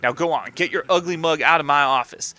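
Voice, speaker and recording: A man voicing a gruff, hot-tempered mob boss who talks like a tough-guy gangster. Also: a little high, brisk, sharp tone, no room sound. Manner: tough-guy mobster talk.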